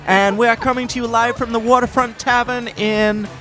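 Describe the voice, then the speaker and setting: Man putting on a mock American accent, high-pitched, slow and exaggerated, podcast-host parody, faint music behind. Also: flat delivery, sharp tone. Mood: mock-formal. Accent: American (put on). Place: tavern.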